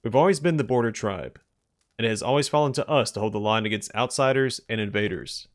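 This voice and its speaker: A man reading out the lines of a proud, grim old male tribal chieftain in a stern, measured way. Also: on the low side, lightly acted.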